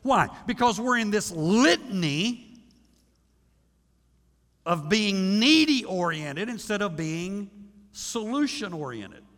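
A male pastor preaching a sermon in a church, animated, often acting out the voices of people praying. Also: high voice, slow, long pauses. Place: church sanctuary. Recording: long hall reverb.

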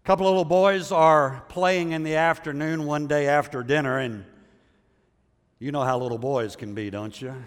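Storytelling pastor in an echoey hall. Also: male voice, medium pitch. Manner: conversational storyteller, asks the audience for agreement. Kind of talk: sermon.

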